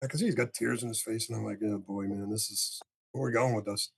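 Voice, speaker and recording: An older man, a podcast guest, telling a long story in casual talk and acting out the dialogue with a husky voice. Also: fairly low pitch, quick pace. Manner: animated storyteller, acts out dialogue, swears casually.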